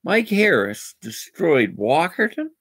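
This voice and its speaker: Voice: medium pitch, big pitch swings, slow, fairly bright tone, slightly rough. A speaker from Canada, ranting indignantly in a rambling personal vlog. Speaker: vlogger. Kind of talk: angry personal rant.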